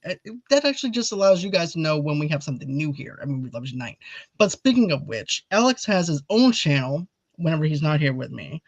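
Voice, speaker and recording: A man's voice: fairly high pitch, big pitch swings, quick pace, no room sound. A man hosting a casual movie review chat, rambling eagerly and urging viewers to comment. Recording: dull lo-fi audio.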